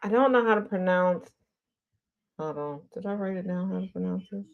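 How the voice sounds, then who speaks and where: A woman hosts a casual show about social media news. She talks in a sassy, blunt and slang-heavy way, at a middle pitch. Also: moderate pace, creaky, highs cut off. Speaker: host.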